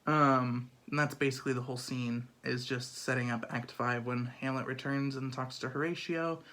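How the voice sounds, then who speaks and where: A man's voice: mid-range voice, fairly even intonation, normal speed, sharp tone. A man giving a casual, chatty summary of a play, full of fillers and acted-out asides. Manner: chatty, filler-heavy, lots of "um" and "like".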